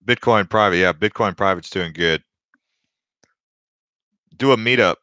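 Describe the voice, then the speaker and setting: A man's voice: deep voice, unhurried, bright, forceful tone, no room sound. A young man hosting a casual livestream, rambling through stories and viewer comments with lots of restarts. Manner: rambling, chatty, with many restarts and fillers. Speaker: crypto livestream host.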